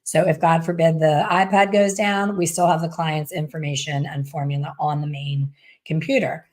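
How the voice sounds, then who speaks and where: A woman's voice: low-pitched, steady tone, moderate pace, a little mellow. A middle-aged woman who owns a salon, giving candid, chatty advice to fellow hairstylists and acting out what people say. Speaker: salon owner and hair color educator. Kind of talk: casual coaching talk.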